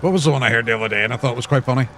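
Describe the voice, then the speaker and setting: Young male co-op streamer, rambling joker, mid-pitched, light music behind. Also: racing, fairly bright tone. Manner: joking, rambling storyteller, sweary. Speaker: guest co-op player. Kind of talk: casual gaming stream chat.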